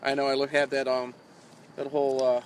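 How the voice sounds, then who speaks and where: A man's voice: medium pitch, monotone, a little fast, slight background noise. A man on a live fishing stream, rambling through old stories with plenty of chuckles and self-mockery, talking to his chat. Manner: chuckling, meandering, self-mocking. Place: outdoors by the water while fishing.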